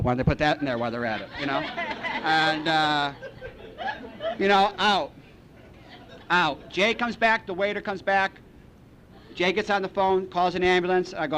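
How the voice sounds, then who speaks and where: Man, meeting speaker, animated storyteller, slightly high voice, faint background rumble. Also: moderate pace. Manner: animated storyteller, acts out phone calls, repeats lines for rhythm. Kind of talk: storytelling talk to an audience. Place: meeting hall. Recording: archival talk recording with faint rumble.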